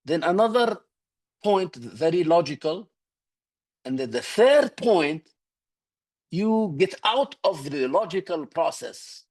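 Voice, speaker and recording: Higher-voiced man coaching humor. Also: expressive, slow pace, long pauses, a little mellow, husky. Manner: instructive, repeats "okay?" to check understanding. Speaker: public speaking coach. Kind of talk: online speaking workshop lesson. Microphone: video call.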